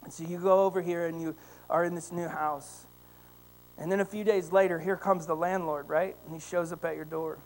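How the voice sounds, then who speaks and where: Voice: mid-range voice, steady tone, normal speed. A pastor preaching a sermon, telling a story and speaking straight to the congregation with growing fervor, often tagging lines with "right?". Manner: storytelling, addressing the congregation directly with rising fervor; frequent "right?" tag questions.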